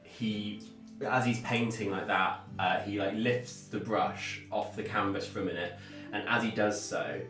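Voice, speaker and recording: A man's voice: on the low side, fairly even intonation, measured pace, a bit bright. A man running a tabletop game as game master, narrating with many ums and restarts. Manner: hesitant, filler-heavy narration. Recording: echoey room, distant mic, music behind.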